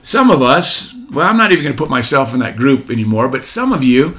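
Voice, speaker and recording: A man's voice: mid-range voice, sing-song, brisk, a bit bright. A man in his forties giving a motivational talk, preachy, repeating key phrases and asking rhetorical questions. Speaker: motivational speaker.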